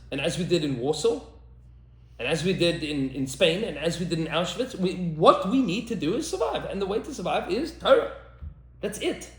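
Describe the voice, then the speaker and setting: A man's voice: high voice, roomy sound. A man, a rabbi, talking emphatically in a podcast discussion, repeating lines for effect and mixing in Hebrew terms. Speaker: rabbi and teacher.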